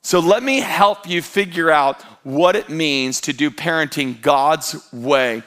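Bright-voiced, animated man preaching. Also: on the high side, slow. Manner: animated storytelling with quoted voices. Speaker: pastor. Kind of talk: sermon.

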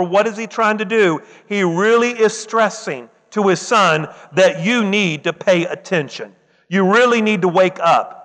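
A man's voice: high-pitched, fairly bright tone. A male pastor preaching a sermon, repeating phrases for emphasis and calling on the congregation for amens. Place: church sanctuary. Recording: long reverb of a church hall.

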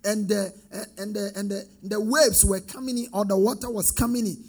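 A man's voice: sits high, steady tone, normal speed, darkish tone, husky, faint music behind. A man preaching a sermon with call-and-response, rising into sing-song emphatic swells.

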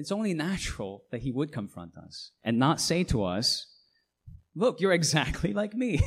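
A middle-aged man, a pastor, preaching a sermon with emphatic delivery and frequent rhetorical questions. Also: mid-range voice.

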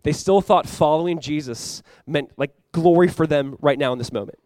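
A young adult man preaching a sermon as pastor, animated and acting out playful voices for the disciples. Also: fairly high pitch, normal speed, dry recording.

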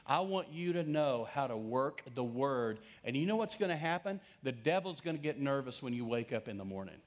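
A middle-aged man preaching a sermon as pastor, conversational, swinging from loud emphasis to hushed, slowed lines. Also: mid-range voice, expressive.

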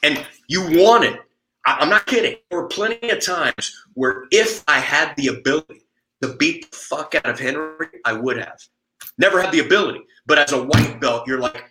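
A man's voice: on the high side, animated, normal speed, pushed and bright, echoey room, slight background noise, rough recording. A man and jiu-jitsu coach telling stories in casual chat, blunt and profane, with frequent stammered restarts. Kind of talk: storytelling in casual podcast chat.

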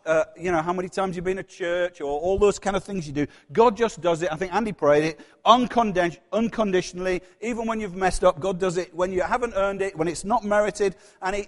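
A middle-aged man preaching a sermon, earnest, often repeating words and acting out the voices he quotes. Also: high-pitched. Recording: long reverb of a church hall.

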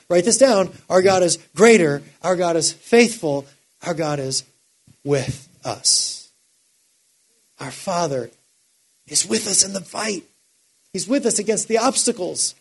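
A man preaching a sermon, swinging from quiet, measured lines up to impassioned shouting. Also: sits high, breathy edge. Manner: builds to impassioned shouting, then drops quiet.

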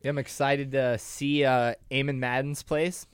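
A man talking as a guest on a radio show, telling animated, funny stories and laughing easily. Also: medium pitch, measured pace, clear, resonant tone, dry recording, studio quality. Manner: animated storyteller, laughs a lot. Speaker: guest, jiu-jitsu competitor. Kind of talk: casual podcast interview.

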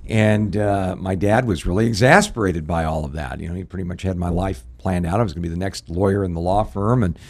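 Man pastor, middle-aged, folksy storyteller quoting scripture; fairly low voice. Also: fairly even intonation, brisk, few pauses, breathy edge. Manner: folksy, anecdotal, quotes scripture. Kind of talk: radio ministry discussion.

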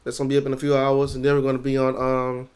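A man co-hosting a casual podcast who talks in a laid-back, teasing way, blunt and full of slang. His voice sits at an even, average pitch. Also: racing, smooth. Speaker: podcast co-host. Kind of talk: casual chat.

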